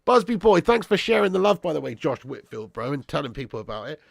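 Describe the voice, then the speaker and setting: A man's voice: a little high, sing-song, fast, gravelly, no room sound, studio quality. A young man hosting a football watch-along, reading out live chat with swearing banter and calling viewers lad and bro.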